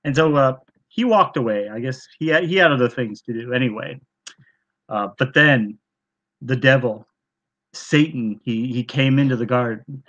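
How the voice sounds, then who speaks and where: A man's voice: mid-range voice, normal speed, a bit bright, highs cut off. Guy on a livestream doing a sarcastic retelling, rambly, lots of uhs. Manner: sarcastic, rambling with many fillers. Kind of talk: mock-earnest retelling.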